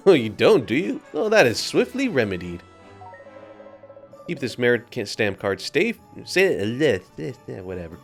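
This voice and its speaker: A man's voice: medium pitch, big pitch swings, a little slow, soft background music, voice pushed up. A man voicing a polite, slightly condescending male errand broker from a game. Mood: amused. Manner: prim, mildly condescending.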